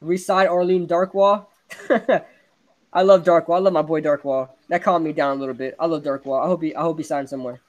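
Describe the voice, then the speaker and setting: Excitable young man ranting about football. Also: a little high, brisk, highs cut off. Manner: excitable, ranting, laughs often. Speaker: podcast host. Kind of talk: casual sports chat.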